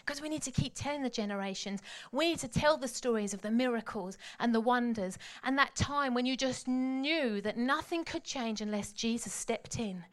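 A woman preaching a sermon, telling the story dramatically and swinging from hushed tones to loud calls. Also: on the high side, moderate pace, few pauses.

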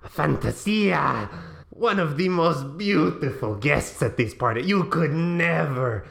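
A man voicing a fawning, drunk male manservant who speaks in a slow, halting, deferential way. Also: on the high side, lively intonation, vocal fry, a bit bright, exaggerated voice. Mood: indignant.

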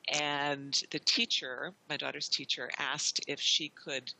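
A woman's voice: low voice, fairly even intonation, slow, gravelly, bright, forceful tone, rough recording. A middle-aged woman, a wayfinding consultant, chatting as a podcast guest and telling stories with many restarts. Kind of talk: storytelling in a podcast interview.

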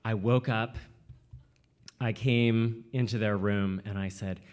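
Animated man telling a personal story. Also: fairly low pitch, takes it slowly. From Washington state, USA. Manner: animated, jumps into quoted voices, many "like" fillers.

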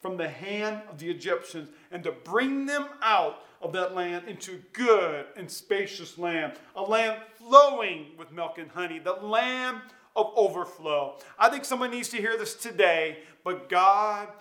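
Pastor guy preaching, high bright voice, big echoey room, really emphatic. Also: lively intonation. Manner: earnest, emphatic preaching with dramatic pauses. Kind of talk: sermon. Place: church, streamed online.

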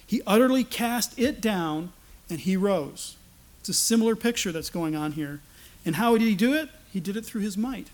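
High-voiced man preaching a lively sermon. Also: moderate pace. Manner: animated, acts out quoted voices.

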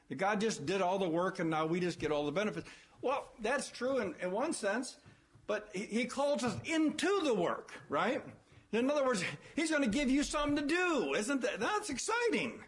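A man's voice: high-pitched, a bit bright. A man preaching a sermon, emphatic, repeating his phrases and asking rhetorical questions.

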